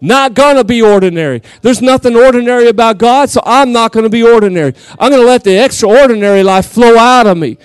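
A middle-aged man with a Southern accent preaches with fire, his voice sitting high for a man. He shouts some lines and stretches others out slowly for the congregation. The sound is dry and close. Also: smooth, no room sound. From Texas. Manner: lively, shouts and drawls phrases to the congregation. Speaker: guest pastor. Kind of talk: Pentecostal sermon. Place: church.

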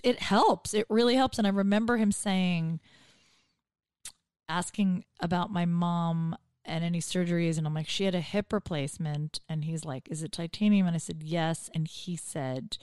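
A woman's voice: fairly low pitch, no echo, studio quality. A woman comedian telling stories in a casual podcast chat, acting out the people she quotes. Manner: animated storytelling, acts out quotes. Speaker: comedian guest.

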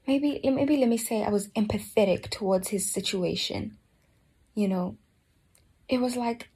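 A woman giving a slow, earnest personal reflection on a Bible book, often dropping to a soft near-whisper. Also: medium pitch, slightly rough. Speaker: Bible study speaker.

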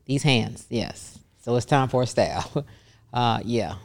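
A woman's voice: rumbling low, lively intonation, slow, gravelly. A middle-aged woman, a massage therapist, talks casually in an interview and animatedly acts out the voices of the people she quotes.

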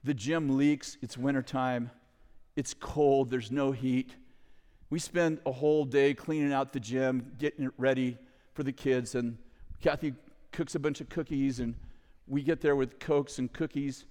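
A middle-aged man telling a story to an audience in a lively way, with loud bursts, acted quotes and chuckling asides. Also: mid-range voice, a little slow. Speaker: ministry leader telling a story. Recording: long hall reverb.

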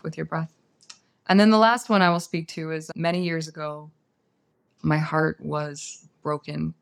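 A woman, a guest on an interview show, telling a personal story in a soft, unhurried, earnest way. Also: low-pitched, gravelly.

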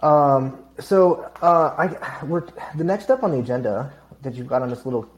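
Regular-pitched guy co-hosting a chat show, teasing, lots of ums and restarts. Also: lively intonation. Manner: teasing, halting, many fillers. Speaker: podcast co-host. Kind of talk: casual chat.

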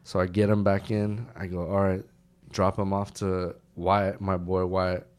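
Deep-voiced man telling a rough war story. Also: measured pace. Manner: profane, animated retelling with shouted bursts. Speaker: guest, army veteran. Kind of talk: casual storytelling.

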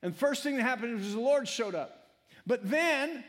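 A man preaching a sermon as pastor in a church, emotional and swelling from soft talk to loud preaching. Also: extremely high pitch, expressive, brisk. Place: church sanctuary. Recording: long hall reverb.

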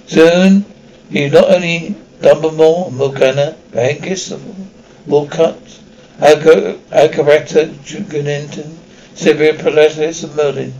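A man narrating a children's fantasy book aloud, trips over words and goes back to fix them. His voice sits a little high and has a gravelly, fry-laden texture. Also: darkish tone, highs cut off. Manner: reads with frequent slips and restarts. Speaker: audiobook reader. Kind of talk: amateur audiobook narration.

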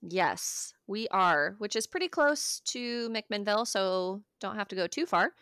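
Deadpan woman co-host, very slow, smooth and close. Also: medium pitch. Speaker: podcast co-host. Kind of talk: casual chat.

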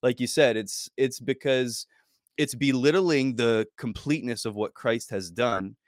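A man's voice: mid-range voice, unhurried, no echo, clean studio sound. A man co-hosting a casual faith podcast chat, talking earnestly and emphatically and often repeating words as he starts a thought.

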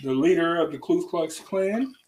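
A man's voice: a little high, lively intonation, moderate pace, noisy background. A man co-hosting a podcast in casual chat, loose and repetitive, full of fillers. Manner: loose, repeats phrases, lots of fillers. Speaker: podcast co-host.

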